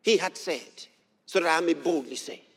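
A man preaching a sermon as pastor, emphatic and repetitive, building up to shouted lines. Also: fairly high pitch, normal speed, breathy edge. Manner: emphatic, repeats phrases, rises to shouts. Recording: long hall reverb.

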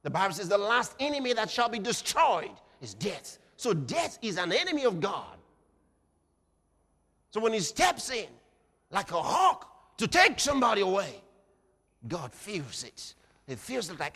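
A man delivers a fiery sermon in a high, lively voice that leaps from shouts to near-hushed asides. His tone is bright and forceful. The sound carries the long reverb of a large church hall. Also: normal speed. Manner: dramatic, shifts between shouting and low intensity. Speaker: preacher.

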